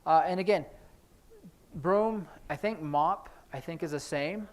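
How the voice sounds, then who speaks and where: Brief: male sign language teacher, slightly high voice, explains as he demonstrates, hurried asides. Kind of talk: classroom instruction. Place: church classroom.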